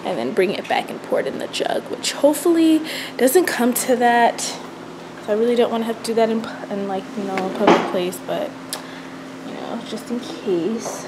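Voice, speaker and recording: A woman's voice: a little high, moderate pace, very noisy. A pregnant young woman rambling in a casual vlog, cranky and stressed. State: pregnant and tired. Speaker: vlogger.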